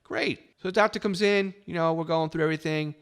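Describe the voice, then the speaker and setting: A man's voice: a little high, fairly even intonation, quick pace, clear, resonant tone. A middle-aged man hosting a podcast, telling his own story in a candid, wry way with self-deprecating humor. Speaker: podcast host. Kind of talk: personal storytelling monologue.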